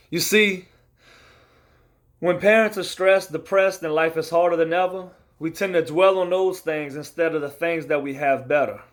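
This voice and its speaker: A man's voice: a little high, a bit bright. A man in his thirties reciting a rhymed spoken-word poem about his own life, in an earnest, heartfelt, confessional way. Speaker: storyteller.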